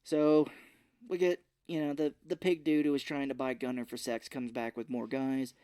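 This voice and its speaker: A man co-hosting a film podcast, casually recapping a movie's plot and slipping into quick voices for its characters. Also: mid-range voice, flat delivery, mellow, smooth, dry recording, studio quality. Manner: retells scenes with quick put-on character voices. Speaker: podcast co-host.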